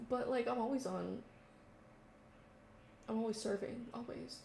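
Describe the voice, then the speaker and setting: Young woman rambling through a storytime, lots of ums and likes, creaky voice. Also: fairly high pitch, unhurried, pauses often, dark tone. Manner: chatty, lots of fillers and quoted voices. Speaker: vlogger. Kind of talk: casual storytime chat. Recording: echoey room with faint noise.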